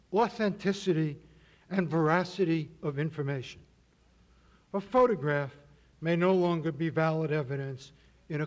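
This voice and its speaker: A man giving a measured, formal lecture with slides, with a dry humor. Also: a little high. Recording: dull lo-fi audio.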